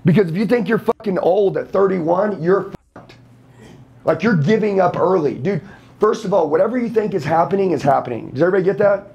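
A high-sitting, darkish voice with lively intonation and a brisk pace comes through lo-fi sound. The speaker, a sales trainer in his thirties, gives a roomful of people a fired-up motivational talk that's blunt, profane, and confrontational.

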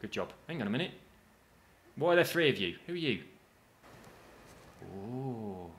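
A man's voice: medium pitch, big pitch swings, measured pace, fairly bright tone, a little hiss or hum. Chatty man narrating a game. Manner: chatty and jokey, with casual swearing and asides to viewers. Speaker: gaming video host. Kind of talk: let's play commentary.

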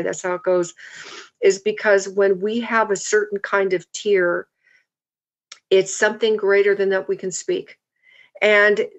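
A woman of middle pitch delivers an earnest, reflective sermon and reads scripture in slow, deliberate phrases. The recording sounds a little dull and lo-fi. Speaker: guest speaker. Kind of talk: preaching and scripture reading. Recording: slightly dull lo-fi audio.

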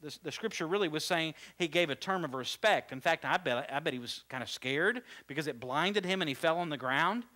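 A man preaching a sermon as pastor, animated and swinging from loud bursts to quiet asides, often asking the congregation questions. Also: a little high, brisk, few pauses. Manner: conversational, asks the congregation questions. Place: church.

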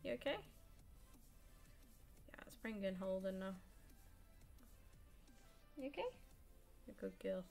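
Woman, 20s, streamer; chatty, self-mocking, swears freely, laughs a lot, mid-pitched voice. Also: measured pace, gravelly, long pauses, dark tone, soft background music. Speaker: gaming streamer. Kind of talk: casual live gameplay commentary.

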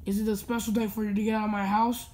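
A woman voicing a grumpy, irritable male king and father who snaps and yells at his son in a puppet comedy video. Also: mid-range voice, level tone, fast talker, lightly acted. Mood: annoyed. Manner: irritable, snapping and yelling.

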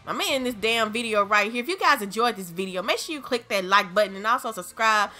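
A woman's voice: medium pitch, expressive, fairly quick, sharp tone, faint music behind. A young adult woman hosting a gaming channel, giving frustrated gameplay commentary full of swearing and exasperated outbursts.

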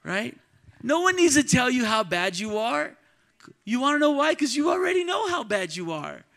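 A man preaching a sermon to his church congregation, calling out to the crowd and swinging between quiet talk and loud shouts. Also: very high-pitched, sing-song, normal speed, gravelly. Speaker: pastor. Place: church sanctuary.

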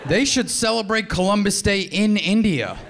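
A man's voice: high-pitched, expressive, moderate pace. A man doing stand-up comedy, delivering laid-back punchlines. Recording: live club with audience noise.

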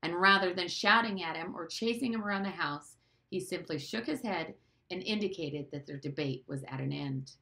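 A woman reading a novel aloud in a measured, even storytelling manner. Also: on the low side, creaky. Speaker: audiobook reader.

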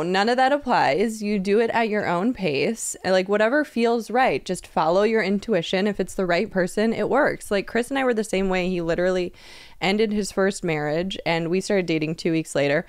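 Co-host type: candid woman in her thirties, mid-pitched, dry close mic, chatty storyteller. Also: fairly quick, dry recording. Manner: candid, laughing, quotes people in retold dialogue. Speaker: podcast co-host. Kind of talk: casual podcast chat.

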